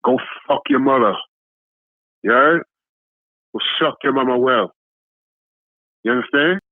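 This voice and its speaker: A man's voice: mid-range voice, a little slow, no echo. A tired man calling in, delivering an aggressive, repetitive, profane trash-talk rant. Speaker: caller. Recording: tinny phone line, dry.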